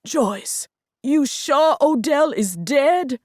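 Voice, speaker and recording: A woman narrator voicing a frail older father who talks plainly and gently. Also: mid-range voice, lively intonation, slow, dry recording, studio quality. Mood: gentle.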